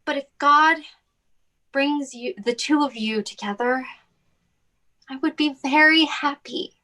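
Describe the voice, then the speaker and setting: A woman playing a soothing elder sister, slow and high. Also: full character voice. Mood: gentle. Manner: soft, soothing and motherly. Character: gentle, caring older sister who consoles her sibling. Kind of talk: stage drama acting.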